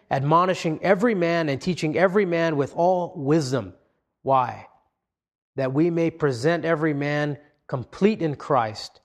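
Man preaching an earnest sermon. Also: on the high side. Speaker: pastor.

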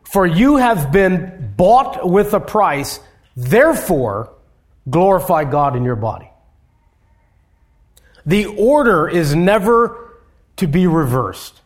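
A male pastor delivers an expository sermon in an unhurried, deliberate cadence. His voice sits high for a man. He lifts his voice on emphatic points and lets phrases fall away softly at their ends. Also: sing-song. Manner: measured preaching with emphatic rises and soft drops.

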